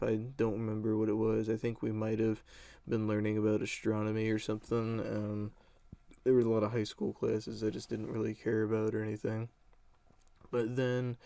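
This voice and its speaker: A young man with a low, gravelly voice tells a school story in a loose, rambling way, swearing freely and using plenty of fillers. His tone is dark and mellow, and the recording is dry and close. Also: no echo. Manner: rambling, profane, lots of fillers. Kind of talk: casual storytime.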